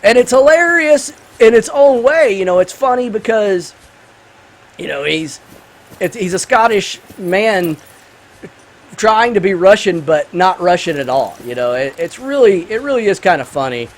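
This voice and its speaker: A man hosting a gaming channel, talking casually over his gameplay in a high, bright voice. He rambles with enthusiasm and fills the gaps with plenty of ums and you-knows. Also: expressive, a little slow. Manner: rambling and enthusiastic, full of fillers. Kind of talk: casual let's-play commentary with movie review.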